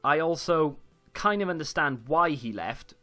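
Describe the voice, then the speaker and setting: A man's voice: fairly high pitch, lively intonation, measured pace, pushed and bright, soft background music. A young man chatting casually while commentating his own football video game, rambling with frequent fillers and restarts. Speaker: gaming YouTuber.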